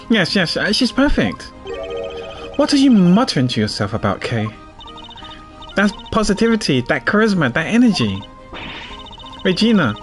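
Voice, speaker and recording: A man voicing a brash, excitable young female thief in game dialogue. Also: high voice.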